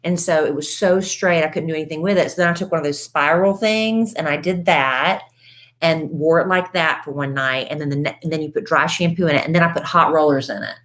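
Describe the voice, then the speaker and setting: A low-pitched woman co-hosts a podcast from home. She chats casually and easily in a folksy way. Now and then she calls people "honey" and says "y'all.". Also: brisk, fairly bright tone. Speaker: podcast co-host. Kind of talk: casual chat.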